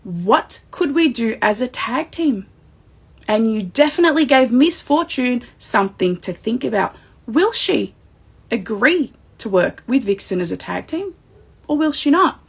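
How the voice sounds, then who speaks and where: Emotional husky Australian woman recapping. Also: a little high, measured pace. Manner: excitable and emotional, talking straight to the fans. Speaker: livestream recap host. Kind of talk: wrestling show recap livestream.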